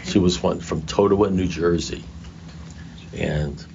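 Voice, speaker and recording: Gravelly older man telling his story. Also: low-pitched, fairly even intonation, unhurried, a little mellow, slight background noise. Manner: conversational, self-mocking humor. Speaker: recovery meeting speaker. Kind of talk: personal storytelling to a group. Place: meeting room with audience. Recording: muffled lo-fi room recording.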